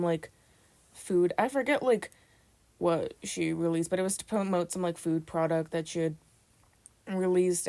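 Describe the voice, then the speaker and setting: A young woman co-hosting a podcast, introducing topics and talking in a relaxed way during casual chat. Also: fairly low pitch. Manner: relaxed, laughs often, summarizes topics. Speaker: podcast co-host.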